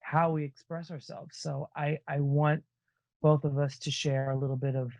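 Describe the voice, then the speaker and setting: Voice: mid-range voice, little pitch movement, normal speed, creaky, darkish tone, no room sound, highs cut off. Rambling enthusiastic podcast co-host. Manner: rambling, enthusiastic, many restarts. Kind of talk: casual chat.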